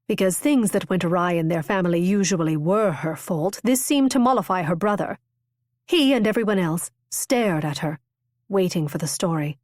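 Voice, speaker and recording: Expressive woman narrating an audiobook. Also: on the low side, dry recording, studio quality. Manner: measured, expressive reading. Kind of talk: scripted narration.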